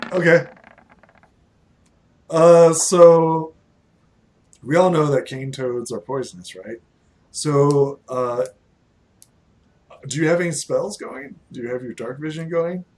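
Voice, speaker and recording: Slow-paced male game master who laughs a lot and talks with many fillers. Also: fairly high pitch, darkish tone. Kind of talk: narrating a tabletop game.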